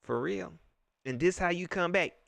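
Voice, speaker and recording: A man's voice: sits high, normal speed, creaky, very noisy. A man hosting a post-game livestream, ranting in repetitive casual slang. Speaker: livestream host.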